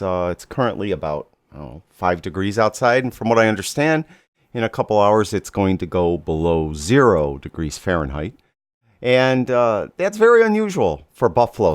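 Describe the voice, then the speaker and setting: A man hosting his own podcast, talking in a relaxed, conversational way with fillers and self-corrections. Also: on the low side, no room sound, clean studio sound. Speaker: podcast host. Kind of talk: casual solo podcast talk.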